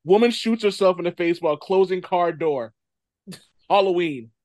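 A man with a high voice hosts a casual podcast chat, animated and quick to laugh and swear. The sound is close and dry, with no room around it. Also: no echo. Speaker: podcast host.

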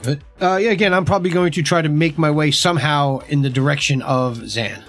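A man's voice: fairly high pitch, steady tone, brisk, faint music behind. A man playing a tabletop game, thinking aloud about how his character moves. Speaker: player. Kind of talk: casual tabletop play.

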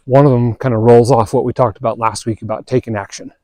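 A man hosting a podcast, telling a story in a relaxed, chatty way and acting out the quoted dialogue. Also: medium pitch, quick pace, no room sound, studio quality. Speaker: podcast host. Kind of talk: casual storytelling monologue.

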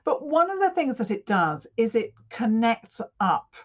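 A woman's voice: fairly high pitch, very animated, unhurried. Woman host asking leading questions, kinda muffled lo-fi audio. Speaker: podcast host. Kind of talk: interview hosting.

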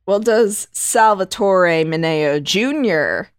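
A woman's voice: mid-range voice, lively intonation, takes it slowly, clean tone, no echo, clean studio sound. A woman co-hosting a podcast in casual chat, joking and rambling with frequent laughs. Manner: jokey, rambling, laughs often. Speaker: podcast co-host.

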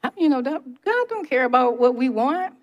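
A woman's voice: sits high, expressive, moderate pace, highs cut off. Middle-aged woman, conversational sermon, emphatic, testifying, talks straight to the listeners. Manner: emphatic, testifying, speaks to the audience directly. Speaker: preacher.

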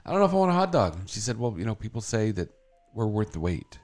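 A man co-hosting a morning radio show, telling a story in a casual, animated way and acting out the people he quotes. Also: lowish voice, quick pace, soft background music.

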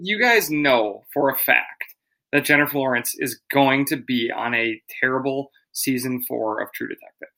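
A man's voice: medium pitch, normal speed, vocal fry, sharp tone, low-quality recording. A man hosting a podcast, joking around and leading the segments in casual chat. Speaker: podcast host.

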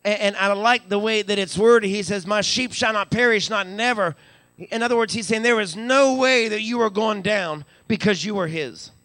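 A man's voice: high-pitched, moderate pace, sharp tone, dry recording. A man preaching a live church sermon as pastor, stammering repeats as he builds and calling out hallelujah. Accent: Western Pennsylvania. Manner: repeats words when building up, calls out hallelujah. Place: church sanctuary.

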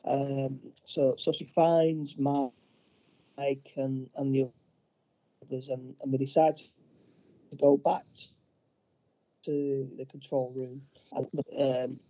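A man co-hosting a casual chat, recapping a film plot in a halting way with many restarts. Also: medium pitch, little pitch movement, no room sound, muffled recording. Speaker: podcast co-host.

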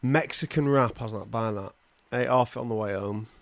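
A man co-hosting a podcast, telling stories in casual chat with wry, deadpan jokes. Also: medium pitch, brisk, gravelly. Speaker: podcast co-host.

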